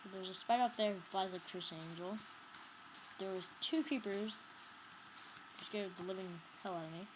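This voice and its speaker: A woman talks viewers through her game in a casual, chatty way, easily startled and quick to shriek. Her pitch sits in an ordinary middle range for a woman. Steady background noise runs under the homemade recording. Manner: jumpy, shrieks when startled. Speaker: gamer narrating her play. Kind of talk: casual gameplay commentary.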